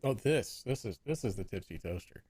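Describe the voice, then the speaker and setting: Joking co-host with a lively voice. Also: male voice, fairly low pitch, normal speed. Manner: joking, teasing, stammers and repeats words. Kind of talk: live broadcast chat.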